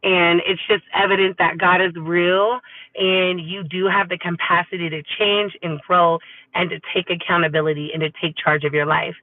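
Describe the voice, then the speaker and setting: A woman's voice: fairly low pitch, flat delivery, normal speed, no echo. A woman from California chatting upbeat and casually with her viewers as a livestream host, calling them y'all. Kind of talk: casual live chat to viewers. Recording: tinny phone-like audio, dry.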